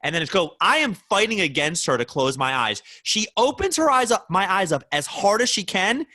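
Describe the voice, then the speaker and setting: A man's voice: sits high, moderate pace. A young man co-hosting a podcast, telling stories in casual chat and acting out the quotes as he goes. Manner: animated storytelling with acted-out quotes. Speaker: podcast co-host.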